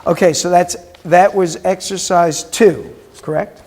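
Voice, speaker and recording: A man's voice: sits high, steady tone, measured pace, a little mellow. A man, a rabbi, teaching a Hebrew class and patiently explaining pronunciation step by step.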